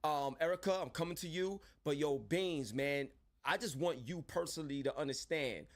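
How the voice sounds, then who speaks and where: A male interview host with an energetic, casual street manner, calling his guests bro. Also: fairly high pitch, moderate pace.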